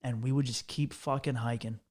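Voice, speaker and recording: A man's voice: medium pitch, steady tone, fairly quick, darkish tone. A young man from the United States, hosting a podcast and telling a long travel story in a loose, profane, rambling way with lots of restarts. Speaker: podcast host. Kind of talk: casual storytelling monologue.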